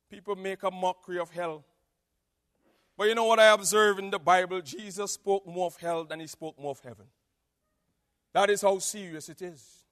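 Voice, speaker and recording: A man preaching an evangelistic sermon with a Nevisian Caribbean accent, swinging between hushed tones and shouting. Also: high-pitched, normal speed. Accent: Nevisian Caribbean English. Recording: long reverb of a large hall.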